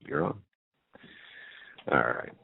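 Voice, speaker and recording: A man's voice: slow pace, narrow, tinny audio. A man hosting a call-in talk radio show, folksy and eager, cutting in on his callers. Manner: folksy, interrupting, blessing callers.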